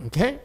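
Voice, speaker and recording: A male meditation teacher leads a Buddhist dharma talk before an audience. He speaks slowly and playfully, teasing his listeners and checking that they follow. His pitch swings widely as he talks. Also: a little mellow. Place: meditation center hall with audience.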